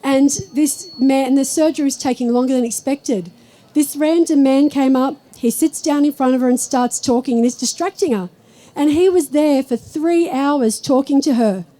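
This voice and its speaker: A woman giving a live spiritual talk to an audience, chatty and storytelling, slowing down when she speaks of God. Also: high-pitched, mellow, low-quality recording. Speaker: spiritual teacher.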